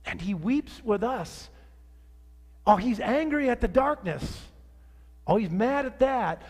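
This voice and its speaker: Male pastor, sermon delivery, animated with sudden quiet drops, high voice, reverberant hall. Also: slow. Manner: animated preaching, rising to outrage then dropping soft.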